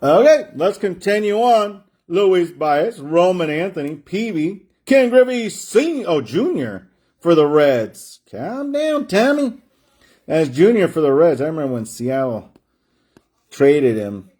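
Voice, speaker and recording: A man's voice: on the high side, animated, a little slow, darkish tone, slightly rough. A man hosting a sports card break stream, chatting and joking while calling out player names. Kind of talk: livestream card-break banter.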